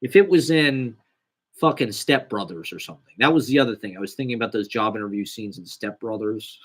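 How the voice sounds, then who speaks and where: A young man with a slightly low voice, talking casually in a rambling monologue. He swears freely and pokes fun at himself. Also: a little fast, slightly rough. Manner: rambling, profane, self-deprecating.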